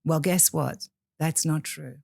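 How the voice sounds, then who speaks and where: A woman's voice: deep voice, fairly even intonation, slow pace, creaky, a little mellow, husky, no room sound, clean studio sound. A woman from the UK, a priestess guest in a podcast interview, speaking in an impassioned, preacher-like way.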